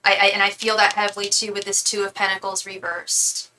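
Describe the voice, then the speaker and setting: Woman tarot reader, bright tone, teary and emotional, stumbles over and repeats her words. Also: mid-range voice, flat delivery, brisk, slight background noise, poor audio. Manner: emotional, repeats and restarts words, warm affirmations. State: close to tears. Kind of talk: live-stream tarot reading.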